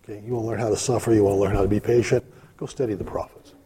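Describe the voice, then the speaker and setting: A man's voice: on the low side, steady tone, very fast, warm tone. A man giving casual Bible teaching in a conversational way, full of asides and fillers. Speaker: preacher.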